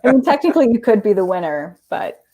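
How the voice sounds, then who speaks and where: A woman guest on a podcast, speaking in a dry, deliberate, wry way. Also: medium pitch, very animated, dark tone, poor audio. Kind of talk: casual chat.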